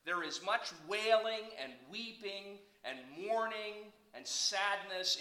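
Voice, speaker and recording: A middle-aged man preaching a sermon, telling stories with sudden loud bursts and soft asides. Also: on the high side, rough recording. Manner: animated storytelling, swings between loud bursts and soft asides. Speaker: pastor.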